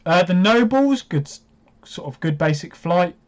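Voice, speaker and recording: A man hosting a live watch-along stream, chatty and hesitant, breaking into excited reactions as he comments. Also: high-pitched, moderate pace.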